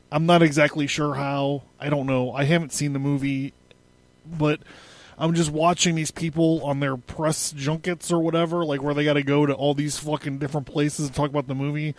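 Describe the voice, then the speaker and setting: A man's voice: a little high, no room sound. A man hosting a solo podcast, rambling and profane, laughing often and stammering through his notes. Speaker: podcast host. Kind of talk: casual solo podcast commentary.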